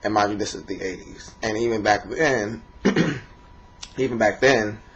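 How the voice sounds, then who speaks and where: Low-voiced rambling D.C. man, lo-fi. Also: a little slow, slight background noise. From Washington, D.C. area. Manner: rambling and profane, many fillers. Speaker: vlogger. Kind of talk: casual monologue to camera. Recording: dull lo-fi recording.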